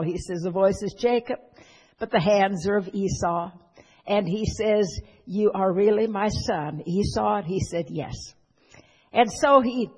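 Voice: mid-range voice, a little mellow, breathy edge. A preacher retelling a Bible story in a sermon, folksy, with asides to the listeners. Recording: long hall reverb.

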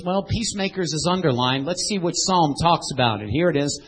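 Guy preaching, lively up and down voice, bit raspy, quizzes the crowd. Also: on the high side, a little fast, rough recording. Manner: animated, swings from loud to hushed, asks the crowd questions. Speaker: pastor. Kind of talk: sermon.

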